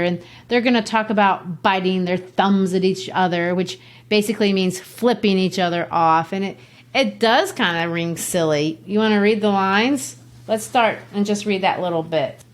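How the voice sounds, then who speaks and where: Chatty woman teaching literature. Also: lowish voice. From Brazil. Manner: chatty, explains with asides and laughs. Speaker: literature teacher and podcast host. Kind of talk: conversational literature lesson.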